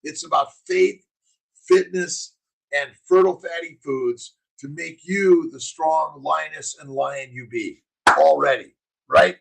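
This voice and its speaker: A middle-aged physician hosting a casual morning livestream, preaching in punchy slogans and answering chat comments. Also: male voice, on the high side, takes it slowly, gravelly, a bit bright, rough recording.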